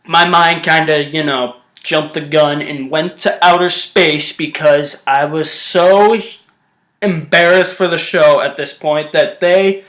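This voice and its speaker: A man's voice: fairly high pitch, steady tone, slow, a bit bright, roomy sound. Ranting young man reviewing TV. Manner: ranting, exasperated, blunt. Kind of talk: casual review rant.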